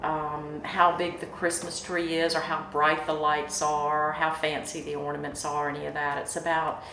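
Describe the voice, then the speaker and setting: A woman's voice: sits low, level tone, normal speed, vocal fry, reverberant, slight background noise, rough recording. A woman, a mayor chatting in an interview with lots of fillers. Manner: warm, chatty, many fillers, emotional in places. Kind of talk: casual interview reminiscing.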